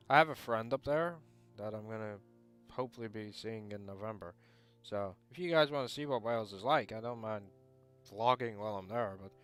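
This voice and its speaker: A man's voice: fairly low pitch, fairly bright tone, clean tone. Rambling young man reading a game. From England. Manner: rambling, casual, mildly sweary asides. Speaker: game streamer. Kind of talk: reading a visual novel aloud with commentary.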